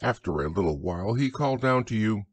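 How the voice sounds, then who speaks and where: A man narrating a children's story as a gentle, unhurried bedtime audiobook. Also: lowish voice, animated, slightly rough, dry recording.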